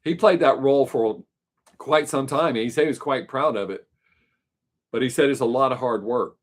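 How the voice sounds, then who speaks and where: A man's voice: mid-range voice, normal speed. Rambling man with a mild Southern accent. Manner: rambling, loose and chatty, with many fillers. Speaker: live-stream host. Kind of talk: casual chat answering viewers.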